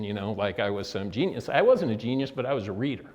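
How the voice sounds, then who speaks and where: A man's voice: fairly low pitch, sing-song, fast, hardly any pauses, a little mellow. A man telling his own recovery story to incarcerated people in a casual, conversational way, acting out the dialogue as he goes. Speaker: speaker addressing incarcerated people. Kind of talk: personal recovery story talk. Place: correctional facility.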